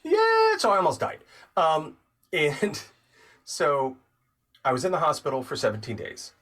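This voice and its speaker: A young man chatting as a podcast guest, an animated storyteller who swings from low mumbling to loud excited bursts. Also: measured pace, recorded from a distance. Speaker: podcast guest, actor and narrator. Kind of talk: casual chat.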